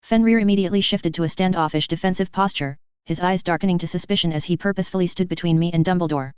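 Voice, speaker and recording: Casting: woman narrator for first-person story, playful, low smooth voice, dry close sound. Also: fast talker, darkish tone, dry recording. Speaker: audiobook narrator. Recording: dull dry lo-fi audio.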